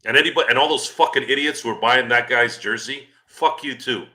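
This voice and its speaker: A male podcast host delivers a profane, angry rant. His voice is very bright and cutting, dropping into a low growl before flaring into loud outbursts. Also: a little fast. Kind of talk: profane ranting commentary.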